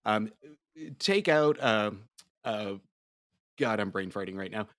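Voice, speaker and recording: A man's voice: fairly low pitch, expressive, slow, a bit bright, no echo. Guest guy on a podcast, lots of ums, searching for words, dry sound. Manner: hesitant, lots of ums and uhs. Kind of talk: casual chat.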